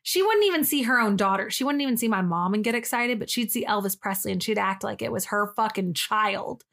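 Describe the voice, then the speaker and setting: A woman's voice: mid-range voice, animated, brisk, gravelly, fairly bright tone. Young woman, podcast co-host, casual chat, emotional, swears freely.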